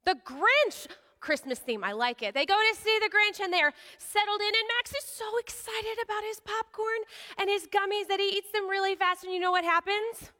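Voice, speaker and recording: Woman preacher, lively storyteller, bright tense voice, long hall reverb. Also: extremely high pitch, moderate pace. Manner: animated, acts out voices of characters. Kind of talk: sermon with storytelling.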